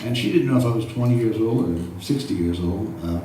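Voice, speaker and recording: A man in his sixties, a photographer giving a gallery talk, telling anecdotes in an animated way and acting out the dialogue. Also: lowish voice, brisk, background noise. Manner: animated storyteller who acts out dialogue. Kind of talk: anecdotal storytelling to an audience. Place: large indoor art gallery. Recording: very echoey room, far from the mic.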